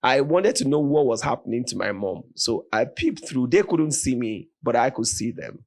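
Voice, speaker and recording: Animated Nigerian man telling a story. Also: medium pitch, normal speed, vocal fry. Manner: animated, vivid retelling with voiced quotes. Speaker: podcast guest. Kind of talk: dramatic storytelling in conversation.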